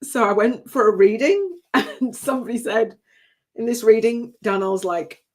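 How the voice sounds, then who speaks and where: An older woman, a spiritual business coach, tells a heartfelt personal story on a livestream, often tearful and laughing. Her mid-range voice is expressive and fairly bright with a breathy edge, and she speaks a little slowly. It's an emotional personal talk.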